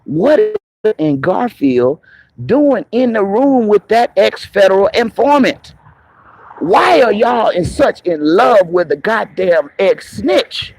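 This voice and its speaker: Raspy man ranting on a stream. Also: sits high, lively intonation, slow pace, low-quality recording. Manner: confrontational, profane, mocking. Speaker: online commentator. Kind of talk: live-streamed rant. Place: moving around on the go, patchy signal.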